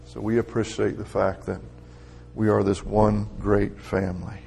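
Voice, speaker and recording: A man's voice: on the low side, level tone, a little slow, creaky, darkish tone, slightly rough. A middle-aged man preaching a conversational sermon, building to emphatic, raised peaks.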